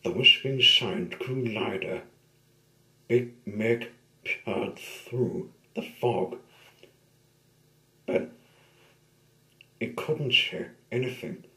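A man's voice: medium pitch, very slow, long pauses, sharp tone, reverberant. A man reading a children's storybook aloud, with occasional asides. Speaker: storybook reader.

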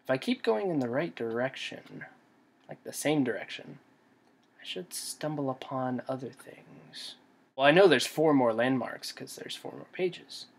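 Husky-voiced nervous young gamer guy. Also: mid-range voice, expressive, unhurried. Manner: jumpy, nervous, talks to himself. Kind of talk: let's play commentary.

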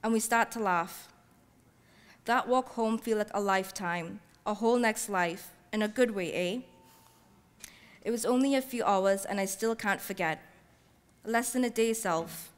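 A woman author reading her fiction aloud in a measured, heartfelt first-person voice, using Caribbean-English dialect. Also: mid-range voice. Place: library event space. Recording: long reverb from a large hall.

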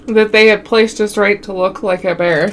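A woman's voice: mid-range voice, slight background noise. Chatty woman telling a camping story. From Wyoming. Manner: chatty, addresses viewers as y'all, laughs often. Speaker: mukbang vlogger. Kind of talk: casual storytelling to viewers.

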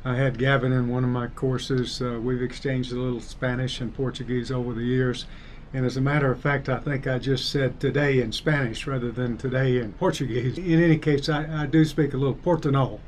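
An older man with a softened Southern US drawl, answering questions in a relaxed, thoughtful way. His voice sits at an ordinary pitch for a man. Faint background noise hums under the recording. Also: fairly quick. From Alabama, United States. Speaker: engineering professor. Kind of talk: casual interview.

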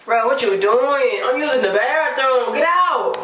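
Brief: bossy, teasing woman, high animated voice, roomy echo. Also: unhurried. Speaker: vlogger. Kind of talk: casual couple vlog banter. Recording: echoey room with loud noise.

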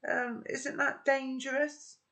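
A man's voice: level tone, takes it slowly, vocal fry, pushed and bright, full character voice. A man reading aloud and voicing a young girl who is startled but stands up for herself in short, pointed questions. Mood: indignant. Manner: high, questioning, defiant.

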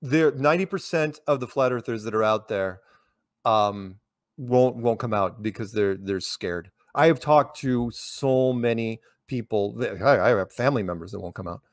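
A man's voice: medium pitch, moderate pace, no room sound. Rambling American man, dry close sound. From United States. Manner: rambling, many restarts and repeated words. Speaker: interviewee. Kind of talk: casual conversational storytelling.

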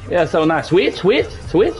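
A young man talks through a basketball video game with his teammates, coaching them and scolding them in loose, profane slang. His voice sits a little high for a man and jumps around a lot in pitch. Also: big pitch swings, unhurried, darkish tone, soft background music. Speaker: gaming streamer. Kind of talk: live gameplay chat with teammates.

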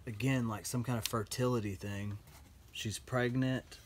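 A man chatting excitedly as he unboxes finds, sometimes dropping to a whisper. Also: medium pitch, unhurried. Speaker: storage unit buyer and vlog host. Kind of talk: casual unboxing commentary. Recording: noisy handheld recording with paper crinkling.

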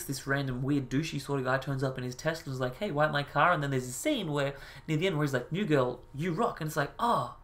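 Brief: a profane, frustrated male commentator who rants about a video. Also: medium pitch. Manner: profane, exasperated ranting. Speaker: reaction video host. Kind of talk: ranting commentary.

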